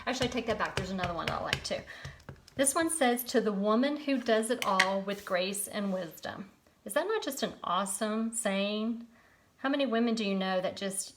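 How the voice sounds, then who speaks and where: A woman's voice: medium pitch, background noise. A woman leading a live card-making tutorial, chatty and encouraging, greeting viewers by name.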